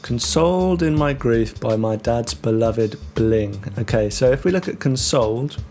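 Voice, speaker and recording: A man teaching English vocabulary, talking through words with many ums and restarts and slowing down on the key terms. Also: medium pitch, darkish tone, soft background music. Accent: British English. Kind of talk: explaining vocabulary to learners.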